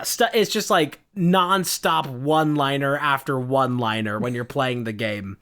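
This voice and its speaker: Excitable male podcast co-host. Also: mid-range voice, moderate pace, few pauses, clean tone. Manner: excitable, quotes game lines. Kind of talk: casual chat.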